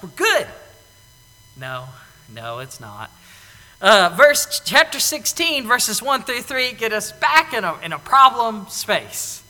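A man preaching a sermon, animated, acting out the voices of the people in the story. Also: high voice. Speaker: pastor. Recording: echoey hall.

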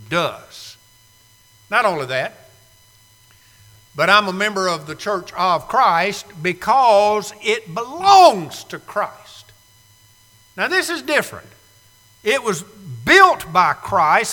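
Male preacher, high-pitched and very bright, emphatic, dramatic loud-to-hushed delivery. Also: long reverb tail, poor audio. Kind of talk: sermon. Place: church sanctuary.

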